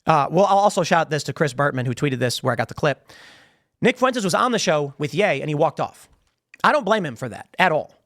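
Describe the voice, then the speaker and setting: A podcast host tears into his critics in a ranting monologue, and his high voice leaps up and down as he mocks and repeats himself for emphasis. He speaks straight into a studio microphone. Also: sing-song, a little fast, a bit bright. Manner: emphatic and mocking, repeats phrases for effect.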